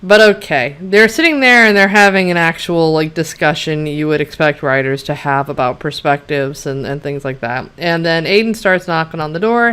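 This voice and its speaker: A woman's voice: sits low, moderate pace, few pauses, fairly bright tone, clean tone. Blunt, sarcastic woman ranting about TV. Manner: chatty, many "you know" and "like" asides. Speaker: TV show reviewer. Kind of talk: casual rant recapping an episode.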